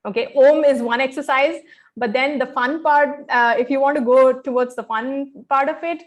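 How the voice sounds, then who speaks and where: A woman with a slightly high voice gives a training session for pageant contestants. She talks in an instructive, friendly way, often pausing on "um" and checking in with "okay". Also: fairly even intonation. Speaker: pageant fashion and grooming coach.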